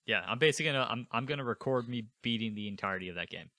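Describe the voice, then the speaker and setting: A man's voice: medium pitch, animated, very fast, sharp tone, no room sound, clean studio sound. A man co-hosting a casual gaming podcast, rambling and tripping over restarts as he talks. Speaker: podcast co-host. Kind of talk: casual chat.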